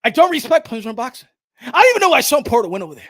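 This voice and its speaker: Man putting on a petty angry viewer, yelling rant, lively up-and-down voice. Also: very high voice, very fast, dry recording, pitched above the performer's own voice, exaggerated voice. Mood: indignant ranting. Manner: shouting, ranting. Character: irate male viewer, petty and indignant.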